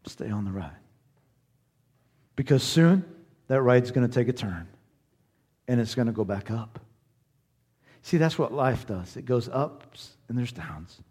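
A man's voice: medium pitch, animated, unhurried, pauses often, a little mellow, slightly rough. A man from Southern Indiana preaching a sermon as pastor, conversational, earnest and encouraging.

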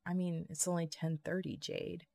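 A blunt, skeptical grown man, as a woman reads him in an audiobook, terse and incredulous. The voice sits low with a gravelly edge. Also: little pitch movement, moderate pace, darkish tone, dry recording.

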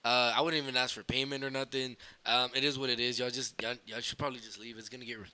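Young man, bright voice, lively swearing storyteller who drops in Spanish. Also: medium pitch, fast, clear, resonant tone. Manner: animated, swears freely, mixes in Spanish phrases. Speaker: podcast guest storyteller. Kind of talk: casual storytelling chat.

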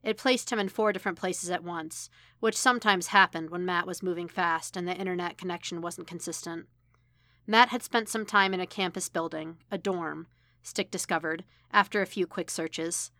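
A woman reading fan fiction aloud as a podfic narrator, measured and even. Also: lowish voice, dry recording. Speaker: podfic reader. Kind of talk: audiobook-style fiction reading.

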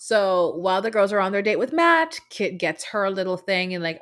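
Female podcast co-host, casual recap chat, animated storyteller who slips into sassy impressions. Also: medium pitch, normal speed. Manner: animated, acts out quotes with sass.

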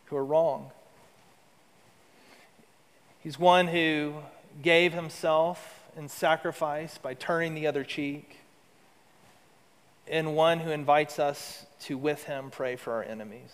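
A man preaching a sermon as pastor, rising to emphatic lines and dropping to soft, low asides. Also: steady tone, unhurried, in a large hall.

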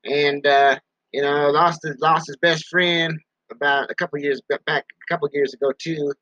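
A man's voice: fairly high pitch, little pitch movement, normal speed, pushed and bright, no room sound. A man hosting his own show from a basement, rambling casually, repeating himself and talking about himself in the third person. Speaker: podcast host. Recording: dull muffled sound.

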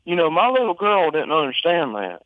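A man with an Alabama Southern accent telling a story over the phone in an informal, rambling way, full of swearing and halting restarts. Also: on the high side, sing-song, no echo. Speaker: interviewee on a phone call. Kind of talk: conversational storytelling. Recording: tinny phone line, dry.

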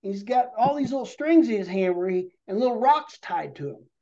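A man's voice: high voice, expressive, normal speed, warm tone. A man, a podcast guest, telling a rambling hunting story in vivid detail and a casual way. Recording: dull lo-fi podcast audio.

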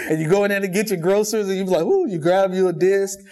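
A man's voice: sits high, fast, smooth. A man preaching a sermon in a church, telling jokes and stories with lots of repetition. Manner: lively storytelling with jokes and repetition. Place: church sanctuary.

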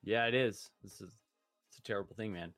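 A young man talks in an easygoing, meandering way on a casual podcast, often pausing mid-sentence to find the right word. His voice sits on the low side. The sound is dry and close, with faint music underneath. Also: fairly bright tone, dry recording. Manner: easygoing, rambling, searches for words. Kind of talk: casual chat.

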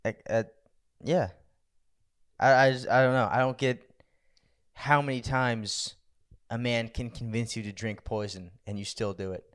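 A man's voice: medium pitch, fairly even intonation, a little slow, long pauses. A man co-hosting a podcast who mostly reacts with short comments in casual chat. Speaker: podcast co-host.

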